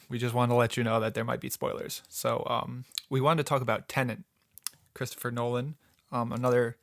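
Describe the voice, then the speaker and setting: A man's voice: medium pitch, a bit bright, dry recording, studio quality. A man co-hosting a podcast, chatting casually and rambling with lots of "like" and "um". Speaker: podcast co-host.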